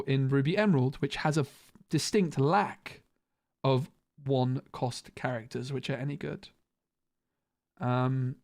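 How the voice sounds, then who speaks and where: A man's voice: mid-range voice, a little mellow. A man streaming a casual card review, thinking aloud with frequent restarts.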